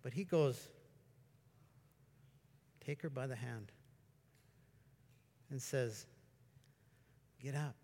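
A man preaching a sermon in a conversational, storytelling way, at times breaking into excited exclamations. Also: medium pitch, very slow, pauses often. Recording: long reverb of a large hall.

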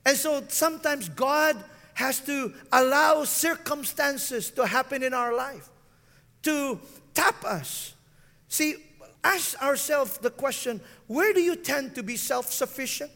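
A male pastor preaching, often stopping to ask his listeners if they are still with him. His voice sits very high and has a gravelly rasp, and it echoes through a reverberant hall. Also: slow, bright, forceful tone. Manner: preaching with frequent call-outs to the listeners. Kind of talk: sermon.

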